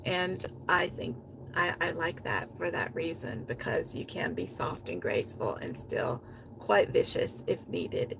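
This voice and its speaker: A woman hosting a poetry reading, reading poems in a rhythmic, chant-like way and talking about them with hesitant pauses and restarts. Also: fairly low pitch, creaky, a bit bright, slight background noise, low-quality recording. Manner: hesitant fillers and restarts in her chat, rhythmic chant-like recital.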